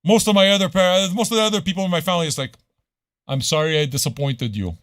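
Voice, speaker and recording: A man hosting his own live radio show, cursing freely as he rants. His voice sits somewhat high, and he swings between loud outbursts and quiet muttering. The sound is dry and close, with no room echo. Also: quick pace. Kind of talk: casual live radio rant.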